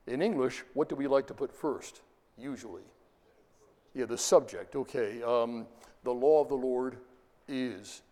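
Guy teaching a class, mid pitch, explains bit by bit, asks the room stuff, long echo off the hall. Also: measured pace, dark tone. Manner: explanatory, stops often to ask the class. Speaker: lecturer. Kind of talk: classroom lecture.

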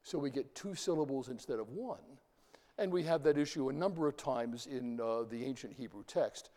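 A man's voice: medium pitch, normal speed, dark tone. A man giving an informal lecture, talking in a rambling way with fillers and repeated words. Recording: long hall reverb.

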